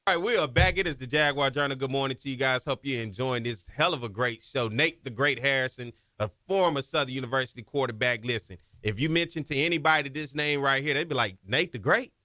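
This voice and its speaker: A man hosting a sports talk radio show, energetic and conversational as he interviews a guest. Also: mid-range voice, no echo, studio quality. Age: 30s. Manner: energetic, conversational, drawn-out questions. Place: radio studio.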